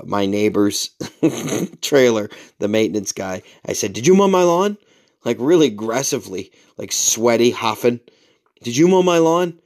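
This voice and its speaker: A man in his forties hosting a podcast, telling a rambling, self-mocking story in a casual way, with mild swearing, and jumping up in pitch to act out quoted lines. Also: vocal fry, darkish tone. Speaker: podcast host.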